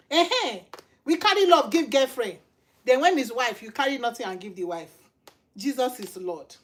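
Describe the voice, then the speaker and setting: Woman, Nigerian accent, middle-aged, high voice, informal preaching, emphatic, repeated rhetorical questions. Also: expressive, moderate pace, a bit bright. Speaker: channel host and lay preacher.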